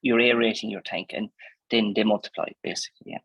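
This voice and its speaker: A man's voice: lowish voice, fairly even intonation, quick pace, a bit bright, husky, no room sound, poor audio. A man with an Irish accent, a dairy farmer answering interview questions in a chatty, plainspoken way, full of fillers and restarts. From Ireland.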